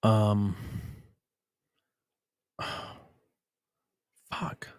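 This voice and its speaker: A man's voice: lowish voice, completely flat delivery, extremely slow, darkish tone, clear, resonant tone, dry recording, studio quality. A man hosting a live stream in a loose, rambling, joking way, reading out viewer messages and thanking them. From Southern United States. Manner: rambling, jokey, reads out chat messages. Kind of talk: casual live-stream chat.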